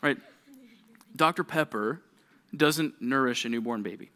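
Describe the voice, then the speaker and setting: A man's voice: mid-range voice, measured pace, bright, forceful tone. A young man, a youth pastor, giving a casual, conversational sermon to teenagers, full of rhetorical questions.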